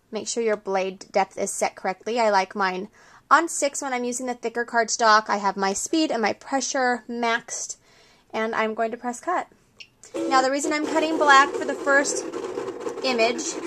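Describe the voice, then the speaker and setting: A woman's voice: fairly high pitch, normal speed, background noise. Chatty upbeat woman demonstrating crafts. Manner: chatty, upbeat, digresses into asides. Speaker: craft video host. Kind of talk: casual crafting tutorial.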